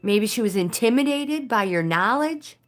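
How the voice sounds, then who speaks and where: An older woman hosting a casual live stream, reading oracle cards to viewers and often pausing to search for words. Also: on the high side, lively intonation. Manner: hesitant, searching for words, many fillers.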